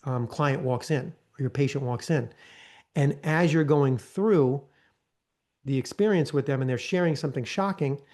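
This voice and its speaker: Over a video call, a man with a dark, mid-range voice runs a live online training. His coaching stays conversational, and he keeps checking in with "okay?" and "right?"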